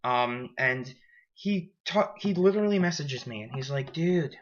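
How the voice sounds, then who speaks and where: A young college man talks frankly in a casual vlog and rambles from one story to the next. His voice sits at an ordinary pitch. The audio is slightly dull and lo-fi. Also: animated, moderate pace. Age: young adult. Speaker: college student vlogger.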